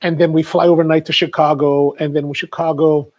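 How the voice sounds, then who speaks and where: A man's voice: on the high side, level tone, fairly quick, a little mellow, muffled recording. A middle-aged man hosting a casual livestream, chatting in a rambling, storytelling way. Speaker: livestream host.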